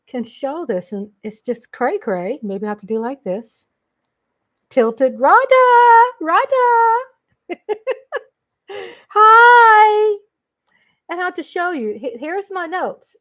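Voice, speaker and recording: A middle-aged woman from Texas with a Texan accent, hosting a casual livestream and gushing shout-outs to her viewers. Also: on the high side. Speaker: livestream host.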